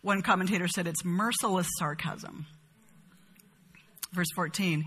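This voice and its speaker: Woman Bible study teacher, bright tone, breathy edge, long reverb, expressive emphatic delivery. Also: lowish voice, a little slow, long pauses. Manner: expressive, emphatic reading and explaining.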